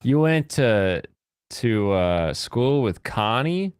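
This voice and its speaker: A man's voice: very animated, slow, clear, resonant tone, dry recording, studio quality. Joking American man chatting on stream. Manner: joking, jumps into high mocking voices. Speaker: streamer reacting to chat. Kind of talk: casual live-stream chat.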